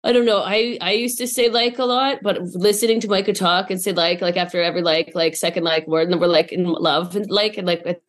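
A woman's voice: on the low side, fairly even intonation. Chatty woman comedian. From Saskatchewan, Canada. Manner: chatty, lots of "like" fillers, quick asides. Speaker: comedian guest. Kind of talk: casual podcast chat.

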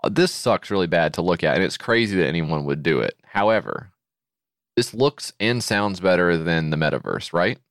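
A man's voice: deep voice, expressive, moderate pace, fairly bright tone, no echo, studio quality. A man co-hosting a comedy podcast, riffing with sarcastic disbelief in casual chat. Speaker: podcast co-host.

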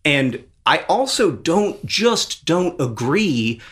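A man's voice: a little high, big pitch swings, slow, a bit bright. A man co-hosting a podcast, talking in a casual chat with an earnest, expansive and self-mocking manner. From United States. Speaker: podcast co-host.

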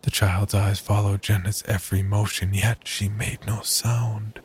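Deep, flat-voiced male horror narrator. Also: a little hiss or hum. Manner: slow, measured and somber. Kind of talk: scripted horror story narration.

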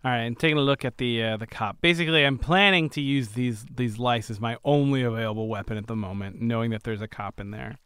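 A man's voice: mid-range voice, fairly even intonation, fast, hardly any pauses, fairly bright tone, smooth, no room sound, clean studio sound. A man playing a tabletop game, talking in a casual, chatty way. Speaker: player.

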